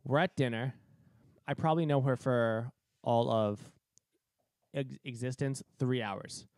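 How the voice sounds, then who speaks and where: A young man from Cape Cod is co-hosting a podcast and telling a story in a loose, casual way. He swears often and laughs easily. His voice sits at an ordinary pitch and sounds close and dry. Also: unhurried, dry recording. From Cape Cod, Massachusetts. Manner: profane, animated, laughs a lot. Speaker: podcast co-host.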